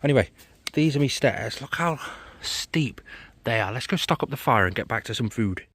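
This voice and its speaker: A man, chatting excitably to a handheld camera while vlogging outdoors in a forest at night. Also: mid-range voice, brisk, husky, no room sound. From England. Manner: excitable, chatty, laughs often. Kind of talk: casual vlog narration.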